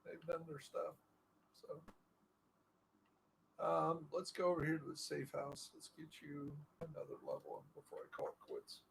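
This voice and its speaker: A man's voice: on the high side, level tone, moderate pace, gravelly, pauses often, a little hiss or hum, rough recording. A middle-aged man chatting casually while playing a game, telling a long story with many fillers and restarts. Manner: rambling, full of fillers and restarts. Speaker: gaming streamer.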